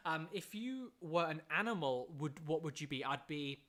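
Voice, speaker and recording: A live streamer in casual chat, reading and answering viewer questions, chatty and excitable, humming little tunes between answers. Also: medium pitch, normal speed. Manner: chatty and excitable, hums filler tunes, laughs often.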